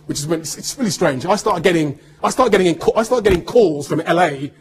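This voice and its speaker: Man, animated storyteller acting out quotes, higher-pitched and husky, speaking to students. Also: quick pace. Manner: animated, acts out quoted dialogue. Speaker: actor giving a talk to students. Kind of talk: anecdotal storytelling speech.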